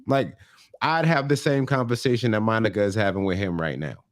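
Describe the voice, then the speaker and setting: A man's voice: mid-range voice, fairly quick, no echo, studio quality. A man co-hosting a podcast in casual chat, laid-back and slangy, adding comments to his partner's story. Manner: laid-back, slangy, chimes in with comments and little acted lines. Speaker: podcast co-host.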